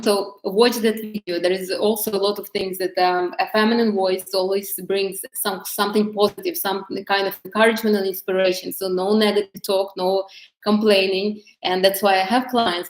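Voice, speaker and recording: A woman's voice: mid-range voice, roomy sound, low-quality recording. A woman coaching viewers on femininity in a casual talk to camera, hesitant, with many fillers and restarts.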